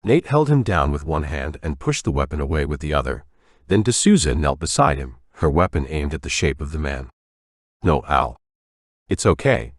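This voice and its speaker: A man narrating an audiobook in a measured, even storytelling manner on a close studio mic. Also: rumbling low, no room sound. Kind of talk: scripted narration.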